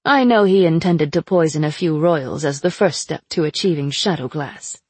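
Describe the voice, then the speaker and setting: A woman voicing a cruel, sly chained sorceress who mocks her captor in a slow, drawn-out way. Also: low voice, darkish tone, husky, no echo. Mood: taunting. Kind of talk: audiobook character voice.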